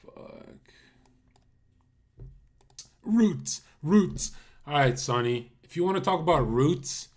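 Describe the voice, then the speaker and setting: Blunt, mocking male streamer with a husky voice. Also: a little high, lively intonation, slow, long pauses. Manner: blunt, mocking, rants at viewers. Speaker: livestream host. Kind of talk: casual livestream commentary. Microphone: USB condenser mic.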